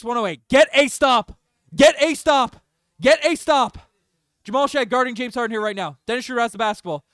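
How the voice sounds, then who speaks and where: High-voiced young man calling a game. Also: clear, resonant tone, no echo, studio quality. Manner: swings from despair to hype, yells "baby" on big shots. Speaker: fan commentator streaming live play-by-play. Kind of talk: excited fan play-by-play commentary.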